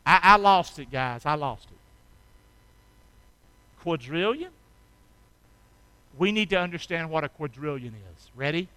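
A man preaching a sermon as pastor, animated and calling on the congregation to respond, swinging from hushed intimacy to loud shouts. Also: a little high, a little slow, long pauses, smooth, dry recording. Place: church.

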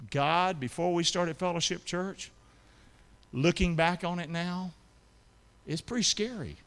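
Man, middle-aged pastor, bright forceful tone, reverberant sanctuary. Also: fairly high pitch. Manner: call-and-response with the congregation, rising to shouts. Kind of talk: preaching a sermon. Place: church sanctuary. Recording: long hall reverb.

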